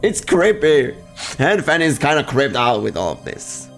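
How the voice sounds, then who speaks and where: A man's voice: on the high side, very animated, a little slow, gravelly, soft background music, exaggerated voice. A man voicing a cowardly, boastful young male adventurer who whines and panics. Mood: panicky. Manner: whiny, panicky, self-referring in third person.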